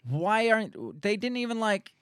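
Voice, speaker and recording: A man's voice: sits high, big pitch swings, normal speed, a bit bright, clean tone, no room sound, clean studio sound. A man co-hosting a podcast, reading news excerpts aloud and riffing on them in casual, profane commentary. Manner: reads news excerpts aloud, then riffs with laughter and swearing. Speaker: podcast co-host.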